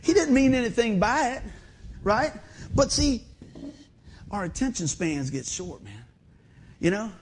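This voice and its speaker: A middle-aged man, preaching a folksy, animated sermon in a church and asking the congregation questions. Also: high voice, measured pace, long pauses, slight background noise. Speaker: pastor. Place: church sanctuary.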